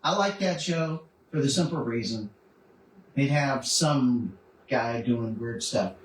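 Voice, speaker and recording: Man, relaxed co-host, mid-pitched, off-mic with faint room hum. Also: slow, roomy sound, distant mic, rough recording. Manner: conversational, chimes in with agreement. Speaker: podcast co-host. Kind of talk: casual chat about comics.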